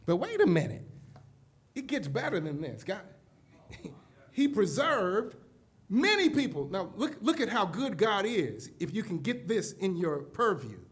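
A man preaching a keynote sermon to a live conference audience, emphatic and direct, moving from hushed asides to loud calls. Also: high voice, sing-song, unhurried, breathy edge. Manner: addresses the audience directly, repeating "listen carefully".

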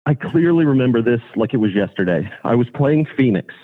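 Brief: husky-voiced male caller, earnest storyteller, heard over a tinny phone line. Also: mid-range voice, expressive, a little fast. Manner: sincere, nostalgic storyteller. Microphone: telephone.

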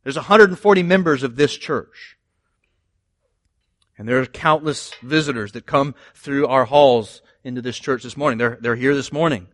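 A man preaching a sermon as pastor, animated, rising and getting louder on scripture quotes, with quick asides to the congregation. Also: medium pitch. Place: church.

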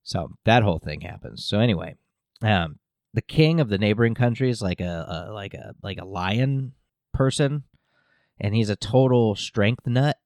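A podcast host casually recapping a show episode in a rambling, jokey way, with lots of fillers. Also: male voice, lowish voice, expressive, normal speed, a little mellow, no room sound.

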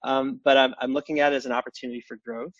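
A man's voice: medium pitch, flat delivery, dry recording, lo-fi sound. A man speaking as a podcast guest in casual chat, stumbling over restarts and fillers. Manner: halting, many restarts and fillers.

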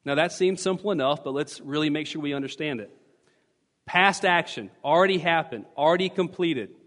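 A man's voice: fairly high pitch, normal speed, fairly bright tone. A man preaching a sermon as pastor, emphatic and teaching, repeating key phrases to drive points home. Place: church sanctuary. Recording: long church reverb.

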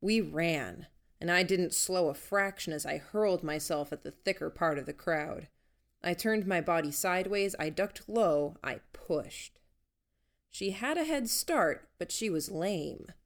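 A woman reading a first-person story aloud in an even, measured storytelling manner. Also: lowish voice. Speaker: audiobook narrator. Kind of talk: first-person audiobook narration.

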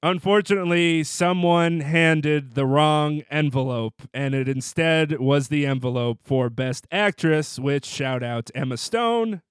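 A man's voice: fairly high pitch, a little slow, few pauses, clear, resonant tone, no room sound. A man hosting a sports podcast, reading a scripted segment in a wry, playful way. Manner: wry, playful delivery with jokey put-on voices. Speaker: podcast host.

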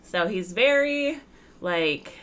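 A woman's voice: mid-range voice, expressive, slow, fairly bright tone. A woman in casual conversation, reviewing a comic with chatty, rambling talk and easy laughs. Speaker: podcast co-host reviewing comics. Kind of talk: casual chat.

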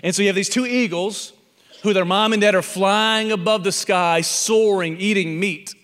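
A man's voice: high voice, normal speed, fairly bright tone, long reverb tail. A man preaching a sermon, telling a parable as a pastor and acting out the animal characters in it.

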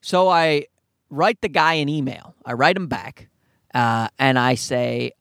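A young man doing storytelling stand-up comedy, profane and animated, acting out the people in his story. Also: medium pitch, slow, clean tone, no room sound, clean studio sound. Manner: animated, profane, acts out quoted voices.

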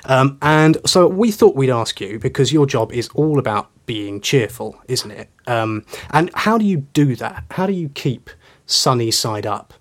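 A man's voice: medium pitch, lively intonation, a little slow. A man co-hosting a comic podcast, mocking politics with silly exaggerations. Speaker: podcast co-host.

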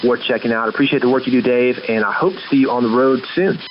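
A man's voice: medium pitch, fast, dull audio, a little hiss or hum. A man calling in to a podcast, giving friendly recommendations in a casual recorded message. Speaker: caller leaving a voicemail.

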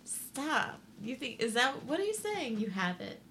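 A woman's voice: sits high, big pitch swings, unhurried, bright, forceful tone, slight background noise. A woman guesting on a casual comedy podcast in a studio, teasing and playful, laughing often. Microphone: studio microphone.

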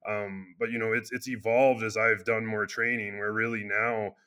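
A chiropractor being interviewed, talking earnestly in a casual conversation with loose restarts and frequent fillers. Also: male voice, fairly low pitch, little pitch movement, normal speed, bright, forceful tone, clean tone. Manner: earnest, speaks in loose restarts with many "you know" fillers. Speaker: chiropractor and clinic founder.

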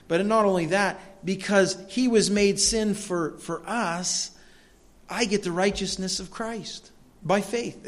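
Male pastor, earnest sermon delivery, raised pitch, builds to loud passages. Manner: earnest preaching, rising loud on scripture readings. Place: church.

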